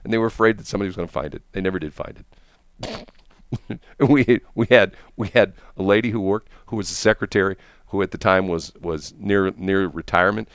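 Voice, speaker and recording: Man, host, casual storytelling, rambling, laughs a lot, low voice, dry close sound. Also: fairly quick, no room sound. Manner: rambling, laughs often, many restarts.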